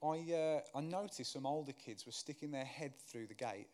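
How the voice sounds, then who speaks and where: A guest preacher in his 30s tells a story during his sermon as an animated storyteller. He grows louder and higher as the tension builds, then softer and slower when he prays.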